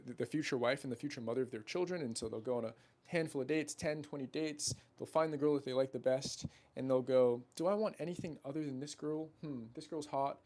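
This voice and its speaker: A man's voice: mid-range voice, a little mellow. A young man coaching on dating, talking in a brash, profane, salesy way straight to the camera, and now and then acting out his friends' voices. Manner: acts out friends' voices in quotes. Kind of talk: casual talking-head monologue.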